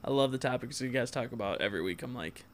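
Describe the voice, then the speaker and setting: A man's voice: medium pitch, lively intonation, fast. A man hosting a casual podcast chat, laughing often and reading listener posts aloud. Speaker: podcast host.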